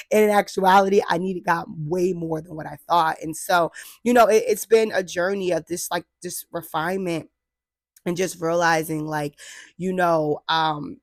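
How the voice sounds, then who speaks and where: A woman's voice: fairly low pitch, fairly even intonation, unhurried, dry recording, studio quality. A woman in her late twenties from New Jersey, vlogging in a casual chat about her faith and her plans. She talks animatedly, laughs often and acts out her own past thoughts. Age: 20s. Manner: laughs often, frequent fillers like "like".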